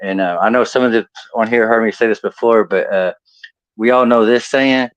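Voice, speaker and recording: A man with a drawl spins loose, rambling stand-up stories and chuckles at his own jokes. His voice sits a bit low. The sound is muffled and dry, like a home video call mic. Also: fairly even intonation, moderate pace, no room sound. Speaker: stand-up comedian. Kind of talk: storytelling stand-up set. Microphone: home computer mic on video call.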